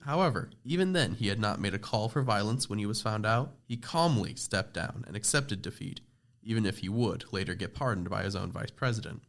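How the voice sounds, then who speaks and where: A man's voice: lowish voice, animated, a little fast, vocal fry. A teenage boy narrating a scripted school project podcast, reading steadily with small slips and restarts. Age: teens. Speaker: student presenter.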